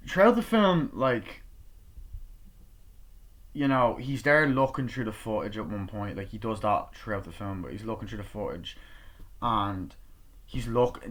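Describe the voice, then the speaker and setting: A young man giving a casual, excited movie review, swearing freely and acting out lines from scenes. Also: on the low side, takes it slowly. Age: young adult. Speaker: film reviewer.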